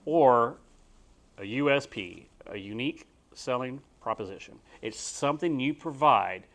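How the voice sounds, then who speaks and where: A man's voice: medium pitch, animated, unhurried, fairly bright tone. A young man with a Texan accent, a real estate agent teaching a class in a folksy, rambling way with frequent restarts. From Texas. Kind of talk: casual spoken class talk.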